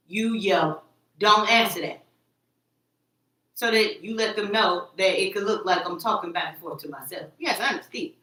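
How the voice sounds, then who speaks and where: A sharp-toned woman with a mid-range voice delivers an agitated, rambling monologue full of repetition, cursing, and her own quoted words. The room echoes and she's far from the microphone.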